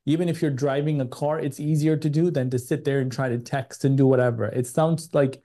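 A man with an American accent from Chicago, an energetic and enthusiastic podcast guest. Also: medium pitch, fairly quick. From United States. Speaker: guest, agency CEO. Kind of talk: podcast interview.

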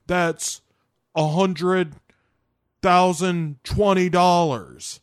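A man's voice: sits high, fairly even intonation, extremely slow, clear, resonant tone, dry recording, clean studio sound, pitched above the performer's own voice. A man doing a breezy, wheedling car thief. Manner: eager, wheedling bargaining.

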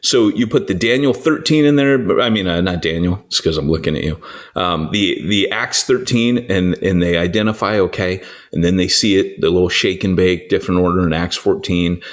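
A man, a church planting author, explaining scripture and his own story in a conversational teaching style, animated and full of restarts. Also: deep voice, fairly quick. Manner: animated storyteller, acts out quoted voices, frequent restarts.

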